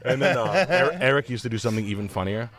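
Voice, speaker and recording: A man in casual chat, telling stories and putting on loud voices of other people. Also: medium pitch, fast talker, over a noisy crowd. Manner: animated storyteller doing loud voices of others. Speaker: co-host.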